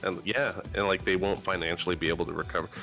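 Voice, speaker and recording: A man's voice: deep voice, steady tone, quick pace, vocal fry, sharp tone, faint music behind. A man co-hosting a casual comedy news chat, reacting bluntly and swearing freely. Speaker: podcast co-host.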